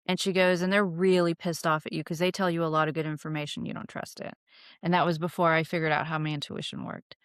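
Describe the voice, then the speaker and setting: A young woman with a lowish voice hosts a witchcraft podcast, casually and candidly teaching through stories while swearing freely and using lots of fillers. The sound is clean studio audio with no room sound.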